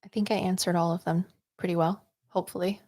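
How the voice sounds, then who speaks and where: A woman's voice: lowish voice, flat delivery, fast, darkish tone, no room sound, studio quality. Upbeat, chatty woman psychic host. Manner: chatty, rambling, full of "like" and "um". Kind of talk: livestream readings chat.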